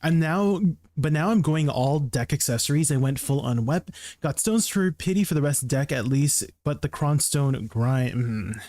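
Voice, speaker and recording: A man's voice: fairly high pitch, expressive, moderate pace, hardly any pauses, a little mellow, no room sound. A man live streaming, chatting casually with his viewers and reacting to the music he sings along with. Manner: chatty, talks to chat while singing along to music.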